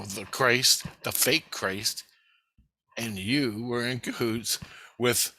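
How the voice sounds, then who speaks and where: A man's voice: medium pitch, sharp tone, no echo. A man telling a rambling, agitated story in a casual spoken monologue, full of swearing. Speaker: vlogger.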